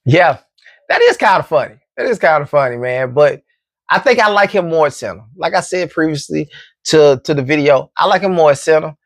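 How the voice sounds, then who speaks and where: A man's voice: a little high, lively intonation, brisk, dry recording, clean studio sound. A man hosting a casual football commentary show, laid-back and joking. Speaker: sports commentary host.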